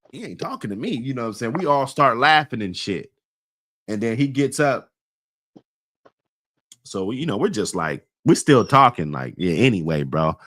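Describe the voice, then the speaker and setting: A man's voice: on the low side, fairly bright tone, no room sound. A man casually telling a long story in heavy slang, rambling with many fillers and laughing often as he talks.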